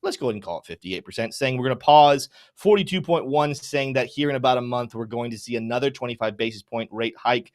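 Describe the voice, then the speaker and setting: Speaking fast in a mid-range voice with barely a pause, a young adult man hosts a live crypto market stream. He calls out names from the chat with lively, enthusiastic shout-outs, then shifts into discussing charts.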